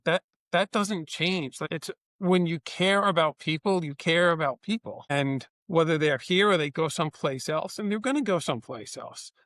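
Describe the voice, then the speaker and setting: A man's voice: on the high side, normal speed, hardly any pauses, dry recording. A man, a business owner, telling workplace stories in a podcast interview and acting out the dialogue in them. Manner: animated, acts out dialogue in his anecdotes. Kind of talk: conversational storytelling.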